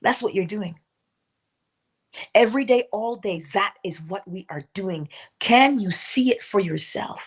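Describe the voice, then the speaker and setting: A woman's voice: medium pitch, animated, a little slow, slightly rough. A woman hosting a morning motivational talk, asking her listeners rhetorical questions and acting out what people say. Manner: asks rhetorical questions and acts out quoted voices; drops to a whisper at times. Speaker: host of a morning inspiration stream.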